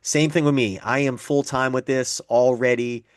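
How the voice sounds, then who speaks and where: A man's voice: mid-range voice, steady tone, normal speed, dry recording, clean studio sound. A man giving a business presentation, explaining figures step by step and acting out sample conversations. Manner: explanatory, repeats figures, acts out sample dialogue.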